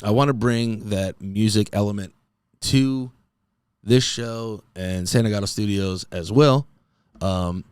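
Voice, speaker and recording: A man's voice: on the low side, slow, darkish tone, clear, resonant tone, no room sound, studio quality. A man in his thirties hosting a comedy podcast, rambling goofily and tossing in "dude" often. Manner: goofy, rambling, says "dude" a lot. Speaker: podcast host. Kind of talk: comedic solo podcast monologue.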